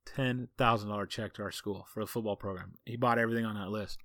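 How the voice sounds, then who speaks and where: A man's voice: lowish voice, fairly even intonation, fast, fairly bright tone, dry recording, clean studio sound. A man, a football coach hosting a podcast, telling a story in a casual, folksy, rambling way full of asides.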